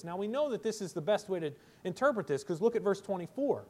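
High-voiced man preaching emphatically. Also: lively intonation, normal speed. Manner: emphatic preaching, voice rising and falling, repeats words for stress. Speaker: pastor. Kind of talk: sermon.

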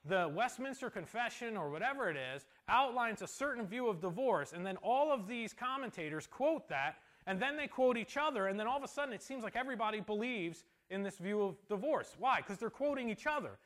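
A man preaching a sermon as pastor in a church, telling stories with an animated delivery that drops to a soft hush for emotional moments. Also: high-pitched, fairly quick, hardly any pauses.

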